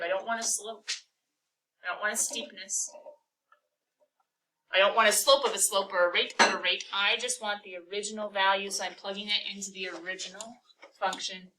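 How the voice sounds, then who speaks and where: Bright-voiced woman teaching calculus. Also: mid-range voice, far from the mic, slight background noise, low-quality recording. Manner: energetic, quizzes the class with quick questions. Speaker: math teacher. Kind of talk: classroom calculus lesson. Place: classroom.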